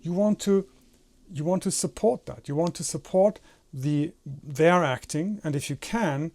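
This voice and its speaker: A man walks through an animation technique in a relaxed tutorial, showing each point with his own head and hands. His voice sits a little high for a man but sounds mellow and warm. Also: measured pace. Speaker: animation instructor. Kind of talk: tutorial explanation.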